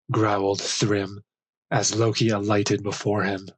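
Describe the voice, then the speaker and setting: A man reads an audiobook of legends in slow, measured phrases. His voice is lowish and husky, recorded dry and close. The pace is unhurried and deliberate throughout. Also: fairly even intonation, no room sound, rough recording. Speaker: audiobook narrator. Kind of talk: scripted storybook narration.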